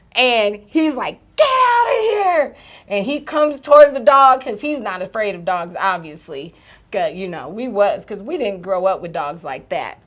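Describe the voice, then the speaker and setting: A woman in her thirties co-hosts a podcast, telling a story in casual chat and acting out its shouts and gasps. Her voice sits on the high side.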